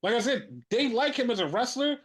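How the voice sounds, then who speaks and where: A man's voice: very high voice, fairly quick, husky. A man hosting a casual podcast, ranting and swearing heatedly as he tells his stories with lots of energy. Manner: excitable, animated storytelling. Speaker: podcast host. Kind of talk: casual wrestling podcast chat.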